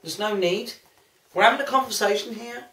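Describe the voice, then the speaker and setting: A woman's voice: medium pitch, brisk, a bit bright, far from the mic. A woman, trading sarcastic, teasing banter in a casual chat. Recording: roomy sound from off the mic.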